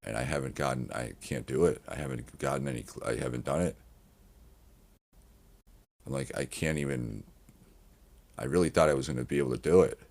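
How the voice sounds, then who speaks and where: A man with an extremely deep voice and a gravelly rasp running through it. He talks in a loose, wandering podcast monologue, doubling back mid-sentence and swearing casually. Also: very animated, a little fast, pauses often, darkish tone. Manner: meandering, frequent restarts and swearing. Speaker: podcast host.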